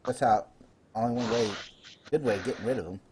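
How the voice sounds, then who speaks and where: A man's voice: medium pitch, fairly quick, crowd noise. A man running a live online tabletop game as dungeon master, chatty and explaining rules with fillers.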